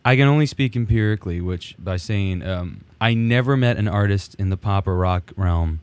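A man in his fifties, a musician guest telling stories in a relaxed way, with many fillers. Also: lowish voice, moderate pace, clear, resonant tone, dry recording. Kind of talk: casual studio interview. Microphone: studio mic.

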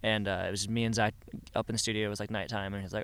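A man's voice: on the low side, steady tone, rapid-fire, fairly bright tone, a little hiss or hum. A young man who sings in a band, telling a story in a casual interview and acting out other people's lines with energy. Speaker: band singer.

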